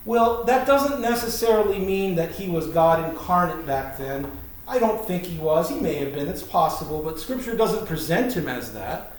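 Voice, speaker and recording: A man's voice: fairly high pitch, expressive, normal speed, slight background noise. Echoey male preacher, far from mic. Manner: explanatory, conversational, emphatic. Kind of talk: Bible teaching sermon.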